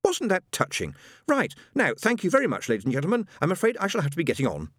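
A man's voice: a little high, wildly swooping pitch, quick pace, a bit bright, slightly rough, no room sound, clean studio sound, pitched above the performer's own voice, heavily acted. A man voicing a haughty, condescending male spirit who speaks through a medium in an audiobook.

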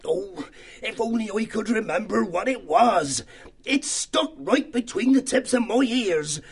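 High, jumpy church mouse, raspy, slightly distant. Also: male voice, a little slow, heavily acted. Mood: excited. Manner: excited exclamations. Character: excitable male church mouse, forgetful. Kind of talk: full-cast audiobook acting.

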